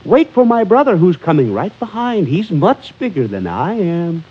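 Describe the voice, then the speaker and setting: A man voicing a small, timid young billy goat who pleads in a high voice. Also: sing-song, normal speed, slightly rough, lo-fi sound, full character voice. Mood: pleading.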